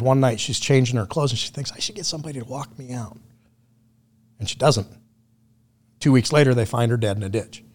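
A man talking as a podcast guest, telling road stories in a blunt, profane, casual way. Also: medium pitch. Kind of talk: casual conversation.

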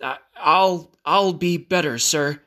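A man's voice: high voice, expressive, slow pace, pushed and bright, breathy edge, pitched above the performer's own voice, exaggerated voice. A shaky young woman soldier who stammers over her words and keeps pleading, as a male storyteller lifts his voice for her. She sounds frightened and unsure of herself, in a read-aloud story. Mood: shaken.

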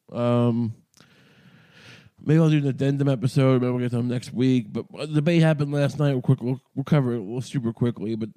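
A podcast host from New York speaks in a warm, mid-range voice. His casual monologue is a rambling, sardonic, profane rant marked by frequent restarts.

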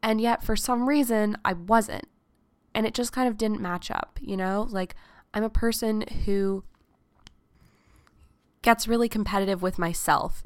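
Hoarse eighteen-year-old woman podcasting. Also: mid-range voice, dry recording. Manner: chatty and reflective, many "like"s. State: hoarse from illness. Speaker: podcast host. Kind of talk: casual solo podcast monologue.

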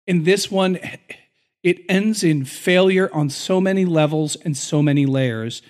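A man's voice: on the high side, a little slow. A man co-hosting a podcast, recapping a film in an earnest, emotional storytelling way. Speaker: podcast co-host.

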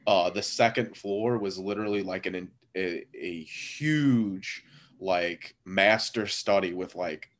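A man in his thirties telling a story in a relaxed, rambling way, full of fillers and laughing at himself. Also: deep voice, takes it slowly. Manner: laid-back, rambling with many fillers and frequent laughs. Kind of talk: casual storytelling chat.

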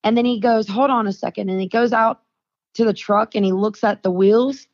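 Lively young woman telling a story, lo-fi. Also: medium pitch, moderate pace. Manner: animated storyteller, acts out quoted dialogue. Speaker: podcast guest. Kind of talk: casual storytelling chat. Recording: dull, lo-fi dry sound.

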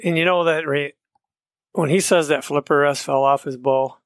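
A man's voice: fairly high pitch, fairly even intonation, normal speed, no echo, studio quality. An American man co-hosting a podcast, speaking earnestly to listeners. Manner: earnest, advising tone. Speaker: podcast co-host. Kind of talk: casual chat.

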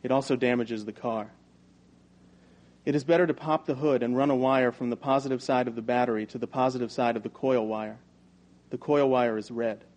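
A man reading a first-person novel aloud in an even, measured storytelling manner. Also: medium pitch. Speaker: audiobook narrator.

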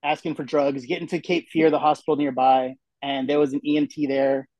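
A man's voice: mid-range voice, little pitch movement, brisk, darkish tone, no echo, low-quality recording. A man telling a personal story in casual conversation, acting out the people he quotes. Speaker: guest telling his story.

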